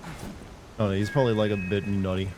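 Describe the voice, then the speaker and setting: A man's voice: on the low side, fairly quick, noisy background. A young man streaming a video game, joking and rambling in a casual, playfully mocking way. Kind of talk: casual live-stream commentary.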